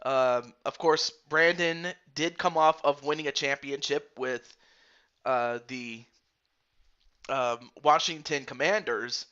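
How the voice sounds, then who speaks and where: A man's voice: medium pitch, fairly even intonation, slow, pushed and bright, clean tone, highs cut off. A man streaming and commentating a football video game league, casually rambling and greeting viewers by name.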